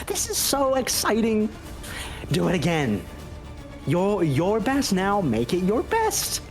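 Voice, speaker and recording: Man putting on a gleeful puppet, high and giddy, demanding, tabletop game. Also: wildly swooping pitch, slow, soft background music, full character voice. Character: gleeful male marionette puppet, eager for a show.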